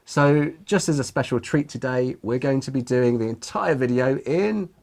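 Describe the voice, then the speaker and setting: A man from London co-hosting an English exam lesson, chatting and then giving a relaxed spoken answer. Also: medium pitch, normal speed, gravelly, a little hiss or hum. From London, England. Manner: chatty, explains with examples. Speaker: IELTS teacher, co-host. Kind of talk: casual lesson and mock speaking answer.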